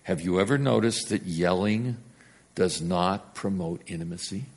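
A man preaching a sermon, telling the story with big swings from loud and emphatic to hushed. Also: low voice, a little slow, breathy edge.

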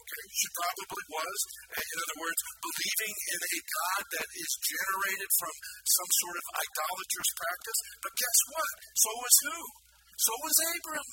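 A man preaching a sermon in an animated way, putting questions to the congregation. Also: very high voice, moderate pace, over loud music, rough recording. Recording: loud background noise.

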